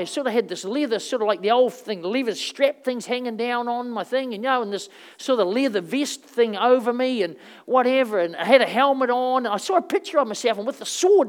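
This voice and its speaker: A woman preacher telling stories through her sermon in a loose, rambling way. She talks casually, with plenty of fillers. Her voice swings from loud bursts down to quiet asides. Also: fairly high pitch. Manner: conversational, rambling storytelling with fillers; animated, swings between loud and soft.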